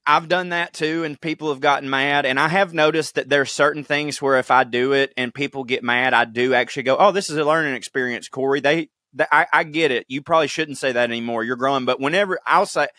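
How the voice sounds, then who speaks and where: A man, co-hosting a podcast and telling stories in a profane, animated way, acting out the people he quotes. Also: medium pitch, brisk, hardly any pauses, no room sound, studio quality. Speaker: podcast co-host. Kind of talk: casual chat, comic storytelling.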